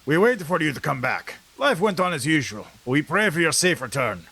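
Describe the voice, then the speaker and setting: A man's voice: a little high, big pitch swings, fairly quick, pushed and bright, slightly rough, exaggerated voice. A man voicing a weary, battle-worn male dwarf who guards a banner, reading game dialogue aloud in character in a solemn, loyal tone. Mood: wistful.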